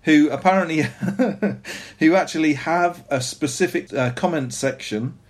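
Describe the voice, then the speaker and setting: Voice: medium pitch, a little slow. Laughing podcast co-host. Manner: laughing, joking, self-mocking. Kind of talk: casual chat.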